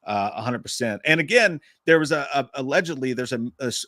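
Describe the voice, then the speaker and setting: A man's voice: medium pitch, fairly bright tone, dry recording, clean studio sound. A man co-hosting a live movie podcast, riffing in a profane, rambling, casual way. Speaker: podcast co-host.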